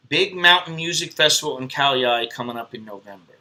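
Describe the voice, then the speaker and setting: A man's voice: mid-range voice, expressive, fairly quick, hardly any pauses, sharp tone. A man hosting a live stream, rambling bluntly and swearing at viewers in casual chat. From United States.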